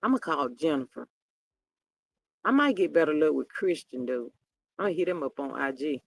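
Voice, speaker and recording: A woman's voice: sits low, animated, moderate pace, vocal fry, husky. An older woman hosting a casual celebrity gossip stream, chatty and drawling as she talks to her viewers. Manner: chatty and drawling, acts out quoted people in voices.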